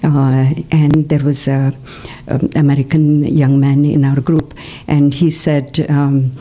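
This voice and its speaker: Low, mellow older woman. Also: little pitch movement, slow pace. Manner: anecdotal, frequent fillers and "okay?" check-ins. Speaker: devotional speaker. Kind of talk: personal talk to a spiritual group. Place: community center hall.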